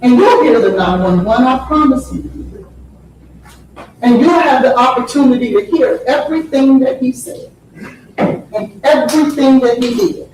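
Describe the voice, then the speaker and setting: A woman defense attorney giving a courtroom opening statement, deliberate and emphatic, repeating phrases for effect. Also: high voice, a little mellow, a little hiss or hum. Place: large courtroom. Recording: very echoey courtroom audio from far off.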